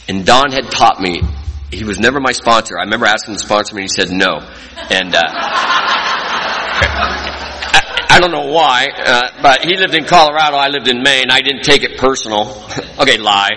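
A man's voice: medium pitch, animated, moderate pace, bright, forceful tone, slight background noise. A man sharing his recovery story in an earnest, folksy storytelling way at a meeting. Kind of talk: personal testimony talk. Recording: long hall reverb.

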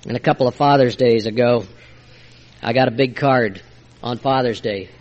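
An older man sharing a heartfelt personal testimony at a recovery meeting, moving between hushed and emphatic delivery. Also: mid-range voice, normal speed, muffled recording. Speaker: speaker sharing his recovery story.

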